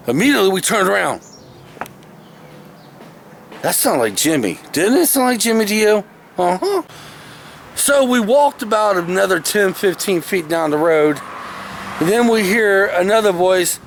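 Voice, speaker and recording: A man with a raspy, fry-laden voice pitched a little high tells an old story in a loose, folksy way, often stopping to correct himself. He is filming himself outdoors in the shade, and a faint background noise sits under his voice. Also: lively intonation, unhurried. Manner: rambling, folksy, self-correcting. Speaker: vlogger. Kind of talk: casual storytelling. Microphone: camera he is handling himself.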